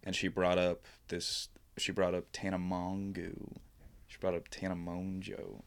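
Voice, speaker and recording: A man's voice: sits low, monotone, measured pace, smooth. A young man hosting a casual podcast chat, joking and swearing among friends. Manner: joking, swearing, laughs loudly.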